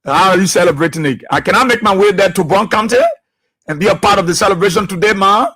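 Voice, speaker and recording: A man hosting a live radio show, reading out listeners' names and places in an unhurried way with many pauses. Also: high-pitched, bright, forceful tone, husky. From Liberia. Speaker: radio host.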